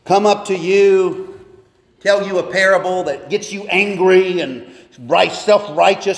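Higher-voiced pastor preaching in a reverberant church. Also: male voice, normal speed. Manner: earnest, pleading, with rhetorical questions. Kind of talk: sermon with scripture reading. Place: church sanctuary. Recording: long reverb of a church hall.

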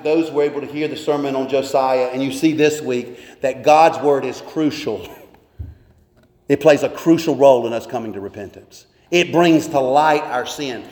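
Man, pastor, sermon, high pitch, earnest rhetorical questions, echoey church room. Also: darkish tone. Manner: earnest preaching with rising emphasis and rhetorical questions. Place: church sanctuary. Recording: echoey long reverb of a church hall.

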